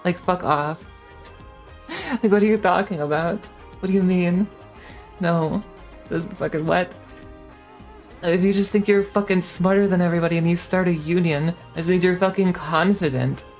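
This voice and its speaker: A woman's voice: lowish voice, normal speed, pauses often, a little mellow, faint music behind. A young woman in her twenties, a streamer ranting casually, heated and swearing with lots of fillers and restarts. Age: 20s. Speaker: VTuber streamer.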